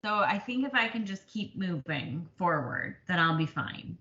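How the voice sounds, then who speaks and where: Co-hosting a relaxed stitching chat, this woman speaks in a lowish, sing-song voice at a moderate pace with a sharp tone. She's talkative, pokes fun at herself and laughs a lot, and the recording has a slightly dull lo-fi quality.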